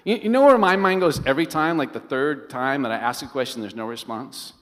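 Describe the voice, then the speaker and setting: Animated man preaching in a reverberant hall. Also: medium pitch, brisk. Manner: animated storyteller, often asking the congregation questions. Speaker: pastor. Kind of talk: sermon. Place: large church hall. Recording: long reverb of a large hall.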